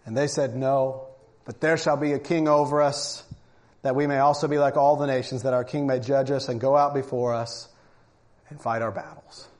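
A man's voice: mid-range voice, flat delivery, normal speed, a little mellow. A man preaching a sermon, reading scripture aloud and pressing his points with emphasis. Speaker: pastor.

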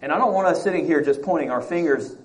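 A man's voice: on the high side, fast, poor audio. Man teaching a Bible lesson. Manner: reads scripture aloud, acts out quotes, asks the class questions.

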